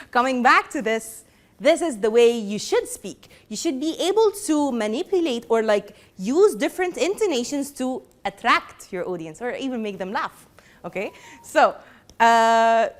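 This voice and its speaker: Egyptian lady lecturer, lively and teasing, talks to her class, a bit high. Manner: lively, mixes Arabic and English, teasing. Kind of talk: classroom lesson.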